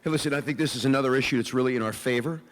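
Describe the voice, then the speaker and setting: Assertive man on a forum stage, mid-pitched, listing his plans, with long reverb from a big hall. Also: racing. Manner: forceful, declarative, lists plans point by point. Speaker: political candidate. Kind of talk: campaign forum answers. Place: event hall.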